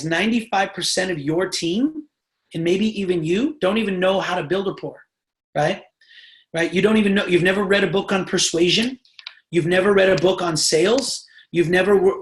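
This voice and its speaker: Emphatic trainer on a roomy video call. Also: mid-range voice. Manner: emphatic, repeatedly checks in with the audience. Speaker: sales team trainer. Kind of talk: live online training call.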